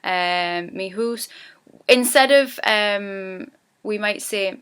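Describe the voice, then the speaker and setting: A woman's voice: mid-range voice, extremely slow, clear, resonant tone. A woman with a Geordie accent from Newcastle, giving a casual, chatty spoken lesson on local words and phrases. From Newcastle, England. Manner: chatty, animated when voicing example phrases. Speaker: YouTuber teaching dialect.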